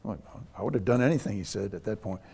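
A man's voice: on the low side, rapid-fire, vocal fry, slightly rough. A middle-aged man, a pastor, telling a personal story in a casual way and acting out the people he quotes. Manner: animated anecdote teller, voices quoted people.

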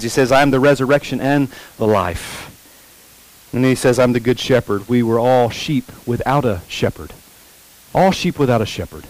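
A male pastor preaching a sermon, repeating key phrases slowly for emphasis and putting questions to the congregation. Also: medium pitch, a little mellow, poor audio.

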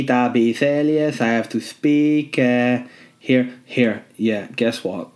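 Rambling comedy podcaster. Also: male voice, medium pitch, darkish tone. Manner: rambling, jokey, quick asides. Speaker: podcast host. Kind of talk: solo comedy podcast rant.

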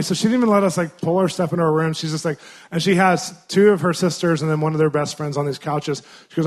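Man, higher-pitched, animated storytelling preacher; shifts from excited to hushed. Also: quick pace. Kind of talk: storytelling sermon.

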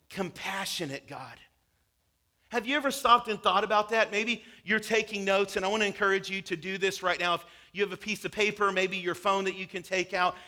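A man's voice: high voice, bright, forceful tone. A pastor preaching a sermon in a conversational, emphatic way, acting out the quotes he tells.

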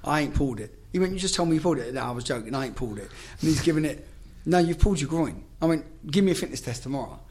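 A man's voice: on the high side, animated, racing, hardly any pauses, darkish tone. A man, a former footballer, telling stories in casual chat, swearing freely and acting out the dialogue.

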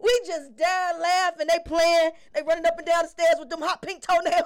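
A woman's voice: extremely high pitch, moderate pace, a little hiss or hum. A woman from Chicago co-hosting a casual podcast, telling prank stories with lots of laughter. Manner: laughing, animated storytelling. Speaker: podcast co-host. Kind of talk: casual storytelling chat.

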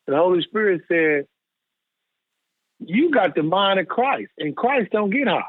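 Man, co-host, high voice, dry phone-line sound, preacherly affirmations. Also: sing-song, measured pace, no echo. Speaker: podcast co-host. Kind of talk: casual faith talk.

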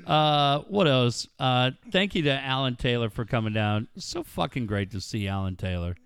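A man on a casual talk show, trading crude banter and mocking impressions, loud and animated. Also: medium pitch, normal speed, smooth, no room sound, studio quality. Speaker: co-host.

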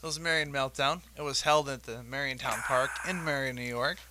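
A man's voice: medium pitch, fairly quick, noisy background. A man co-hosting a wrestling show, answering briefly and matter-of-factly. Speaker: co-host. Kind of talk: casual chat.

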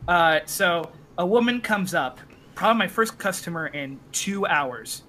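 A Canadian man telling stories as a podcast guest, animated, swearing freely and acting out the people he quotes. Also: sits high, unhurried, slight background noise. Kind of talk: casual storytelling.

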